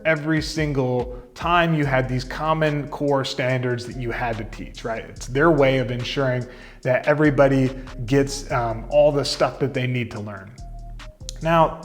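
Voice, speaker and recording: A man in his thirties telling his career story in a relaxed, chatty way, full of fillers and asides. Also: medium pitch. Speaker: content marketing coach. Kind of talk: casual storytelling to camera.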